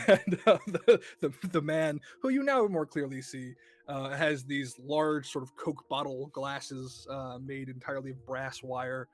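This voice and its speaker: A man's voice: mid-range voice, a little slow, faint music behind. A man narrating a tabletop game as game master in a hesitant way, with lots of fillers.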